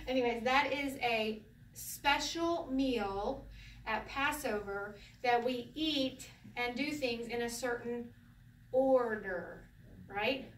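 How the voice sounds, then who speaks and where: An older woman teaching a casual Hebrew lesson to a group, chatty and quick to laugh. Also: a little high, recorded from a distance, a little hiss or hum. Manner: chatty, laughs often, acts out phrases. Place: room with a group of learners. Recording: echoey room recorded from afar.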